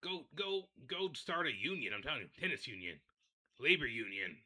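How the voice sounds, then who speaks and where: A man's voice: medium pitch, big pitch swings, moderate pace, pushed and bright. A young man hosting a livestream, ranting and rambling in a repetitive, fed-up way while addressing his viewers directly. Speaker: livestream host.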